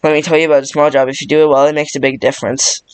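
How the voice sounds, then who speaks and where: A man's voice: on the high side, very fast, smooth, no room sound, natural voice. A man reading the lines of an earnest young male bee from a movie script, stumbling over words now and then. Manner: flat reading with frequent slips.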